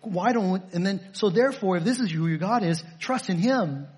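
Husky pastor guy preaching, kinda high voice, repeats himself for emphasis. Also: lively intonation, moderate pace, a little mellow. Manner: emphatic and repetitive, asks rhetorical questions. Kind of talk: sermon.

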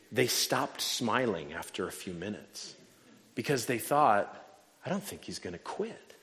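A male pastor with a fairly low voice preaches to a congregation, mixing dry, self-mocking humor into his sermon. His words ring out with a long reverb, as in a large church sanctuary. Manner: humorous storytelling with wry asides.

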